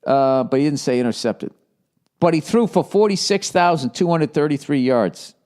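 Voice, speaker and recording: On his casual solo podcast, a Boston man in his forties talks in a fairly high, expressive voice at a moderate pace. He's profane and meandering, with shouted movie-gangster bits slipping in.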